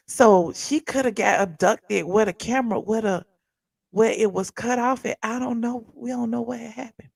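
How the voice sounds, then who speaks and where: Woman chatting on her channel, gravelly, dry close sound, talks back to the chat. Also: a little high, normal speed, darkish tone, no echo. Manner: chatty, reacting to chat and video. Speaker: host of a pop culture commentary channel. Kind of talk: casual live commentary.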